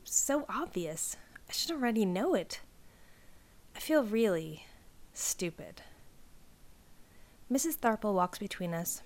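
A woman reading a first-person story aloud in a wry, soft-spoken way, redoing lines as retakes. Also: mid-range voice.

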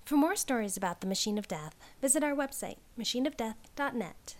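A woman reading a first-person story aloud, hoarse and clearing her throat, redoing lines and laughing at her slips. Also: fairly high pitch, lively intonation, fairly quick. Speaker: audiobook reader and author.

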